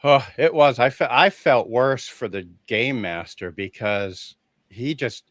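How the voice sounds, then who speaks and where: A man's voice: mid-range voice, slow pace, no echo. A man speaking as an interview guest, telling a personal story with feeling, acting out what people said and laughing often. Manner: animated storyteller who acts out quoted dialogue, laughing often. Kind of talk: casual conversation.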